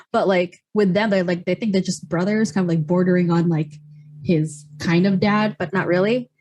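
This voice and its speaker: A young woman hosting a casual podcast chat, animated and swearing, acting out quoted lines as she goes. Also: fairly low pitch, normal speed. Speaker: podcast host.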